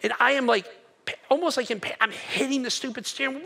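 A man preaching a sermon, telling stories with animated energy and rising to near shouting. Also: very high-pitched, fast talker, creaky. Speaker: pastor.

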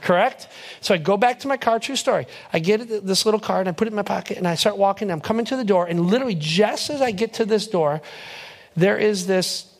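A man's voice: high voice, quick pace. A young male pastor telling a personal story in a sermon, acting out his own reactions and building to emphatic preaching. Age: young adult.

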